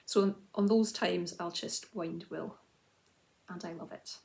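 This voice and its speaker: Woman, 30s, knitting vlog host, casual and self-mocking, slight fry in the voice. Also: lowish voice, steady tone, measured pace, darkish tone. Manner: chatty and self-deprecating, with frequent "um" and restarts. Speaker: knitting video journal host. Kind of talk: casual chat to camera.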